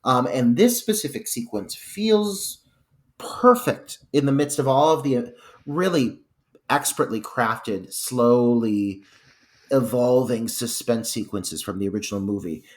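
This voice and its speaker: A man co-hosting a podcast, casually analysing a movie, thinking aloud with many pauses and restarts. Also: medium pitch, lively intonation, darkish tone. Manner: thoughtful, hesitant, with fillers and restarts. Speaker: podcast co-host. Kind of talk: casual film review chat.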